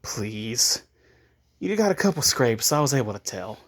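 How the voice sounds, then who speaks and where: A man's voice: medium pitch, big pitch swings, moderate pace. A man doing a lazy, bored boy genius. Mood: dismissive.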